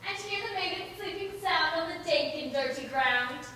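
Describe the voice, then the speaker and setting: A woman's voice: extremely high pitch, expressive, moderate pace, bright, forceful tone, exaggerated voice. A woman playing a mischievous woodland fairy sprite, speaking rhymed verse in a stage play. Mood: hushed, searching. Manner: rhyming verse, stage declamation. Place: school auditorium stage. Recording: echoey hall, distant mic, some noise.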